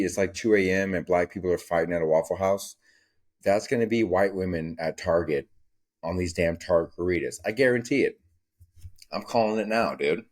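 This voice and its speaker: A young adult man hosting a solo comedy podcast, talking loosely and profanely and acting out scenes in squeaky voices. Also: darkish tone. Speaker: podcast host.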